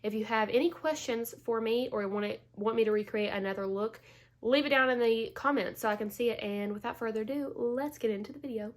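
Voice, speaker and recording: A woman's voice: on the high side, a little fast. A woman beauty vlogger chatting casually through a makeup tutorial, stuffy and a bit out of breath from allergies, full of "like" and "um". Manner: chatty, filler-heavy, lots of "like" and "um".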